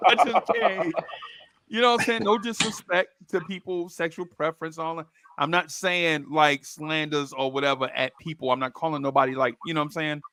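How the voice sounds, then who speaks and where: A man hosting a casual podcast chat, telling animated stories and laughing easily. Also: a little high, a little fast. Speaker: podcast host.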